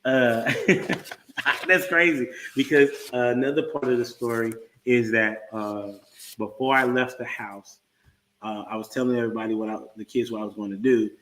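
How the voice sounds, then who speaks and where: A man in his thirties hosts a casual livestream, talking at a middle pitch. He tells his story in a relaxed, halting way, with plenty of fillers and restarts. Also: rough recording. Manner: laid-back, halting storyteller with many fillers. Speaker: podcast host.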